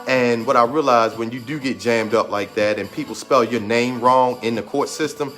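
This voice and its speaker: A man in his 30s, a motivational speaker, gives a repetitive, emphatic talk while holding back tears, music playing behind him. His mid-range voice is steady and a bit bright, at a normal speed.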